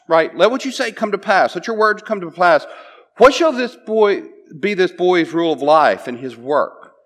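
Conversational male preacher, slightly high voice. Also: fairly bright tone. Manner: conversational, often asks "right?" and restarts phrases. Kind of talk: sermon, retelling a Bible passage.

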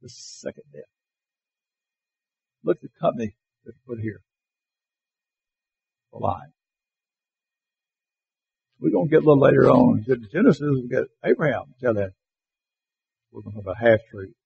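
A man teaching a Bible class, reading verses slowly and with emphasis and putting questions to his listeners. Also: medium pitch, lively intonation, creaky, husky, highs cut off. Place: classroom or church hall with slides.

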